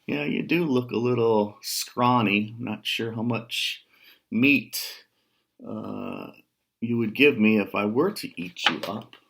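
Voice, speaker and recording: A man's voice: on the low side, takes it slowly, fairly bright tone, heavily acted. A man voicing a hungry troll who lives under a bridge, in a storybook reading. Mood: musing. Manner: roaring, gruff and boastful.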